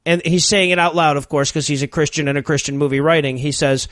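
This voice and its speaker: Male podcast co-host, higher voice, dry close sound, wry riffing on a bad film. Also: fairly even intonation, fast, a bit bright, no room sound. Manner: wry, reads his notes aloud. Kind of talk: casual comedic movie riffing.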